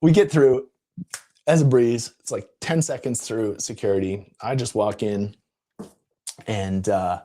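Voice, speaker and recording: Husky man telling an animated story. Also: on the low side, a little slow. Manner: animated, laughing, jumps into quoted voices. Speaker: coach. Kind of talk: casual storytelling on a live video. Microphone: live-stream setup.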